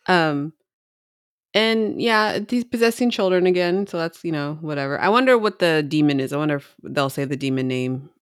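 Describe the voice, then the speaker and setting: A woman's voice: low voice, lively intonation, moderate pace, no room sound, studio quality. A woman co-hosting a casual podcast, rambling and hesitant with many fillers as she thinks aloud. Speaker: podcast co-host. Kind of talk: casual chat.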